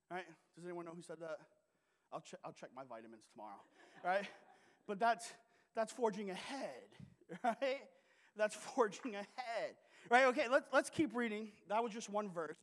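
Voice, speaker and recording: A man's voice: sits high, a bit bright. A male pastor giving a conversational sermon, often tagging his points with "right?", recorded in a church sanctuary. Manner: conversational, keeps adding "right?". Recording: long reverb of a large hall.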